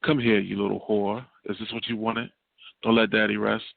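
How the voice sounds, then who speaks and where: Gravelly-voiced man on a tinny phone line. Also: fairly low pitch, flat delivery, moderate pace, no echo. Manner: rhythmic, repetitive cadence. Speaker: guest poet. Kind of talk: spoken word performance. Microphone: phone call.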